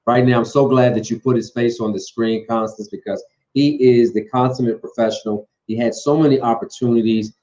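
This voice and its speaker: A man co-hosting a live talk show in casual chat. He rambles, restarts his sentences and leans on fillers while handing out shout-outs. His voice sits at an ordinary male pitch, and the recording sounds dull and lo-fi. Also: fairly even intonation, fairly quick, hardly any pauses.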